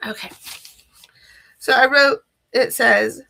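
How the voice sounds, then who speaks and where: Slow, gravelly-voiced woman giving heartfelt devotion. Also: fairly high pitch, fairly even intonation, pushed and bright. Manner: earnest, heartfelt, searching for words; reads scripture aloud. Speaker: host of a live devotional stream; children's ministry teacher. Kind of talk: live devotional talk. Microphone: phone or webcam livestream.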